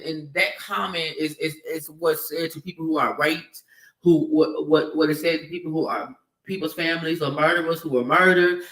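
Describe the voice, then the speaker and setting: Male commentator, heated and profane, slightly high voice, off-mic echoey room. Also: pushed and bright, far from the mic. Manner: heated, emphatic, profane, repetitive. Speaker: video commentator. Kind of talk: ranting opinion vlog.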